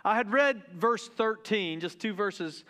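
A man from the Deep South, preaching a casual, joking sermon to his church and tripping over his words in his excitement. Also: unhurried, clear, resonant tone. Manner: joking, excitable, stumbles and restarts. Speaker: pastor. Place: church sanctuary.

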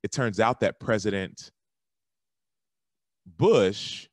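A man from Texas, a guest on a podcast, telling a lively story in a casual, animated way that jumps high when he quotes himself. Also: drawn-out words, no room sound, clean studio sound. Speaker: guest, former football linebacker and author.

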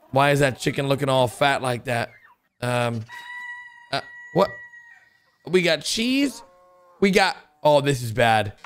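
A man excitedly commenting on cartoon clips for viewers, exclaiming, gasping and laughing as he goes. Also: sits high, slight background noise. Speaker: host reacting to animations.

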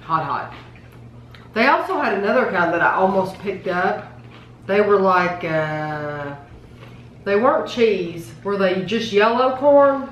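A woman with a Kentucky accent hosting a casual snack taste test, chatty and relaxed as she steers the review. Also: medium pitch, measured pace, muffled recording. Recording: echoey room with some noise.

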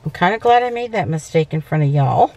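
A woman's voice: lowish voice, lively intonation, fast, a little mellow, lo-fi sound. A woman hosting a casual papercraft tutorial, chatty and self-correcting, often checking in with "okay". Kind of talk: casual crafting demonstration.

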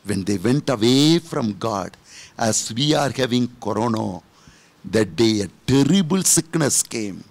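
Slow, animated preaching man. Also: gravelly. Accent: Indian English. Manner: emphatic, rising to high-pitched exhortation. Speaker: priest. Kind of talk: sermon.

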